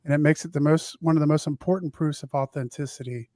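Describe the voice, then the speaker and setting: A man with a Southern US accent hosts a casual podcast, reading news items aloud. He hesitates and restarts often, filling gaps with uhs and ums. His voice sits a little high and sounds dry and close. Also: fairly even intonation, mellow, no echo. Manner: halting, many filler sounds and restarts while reading. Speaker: podcast host.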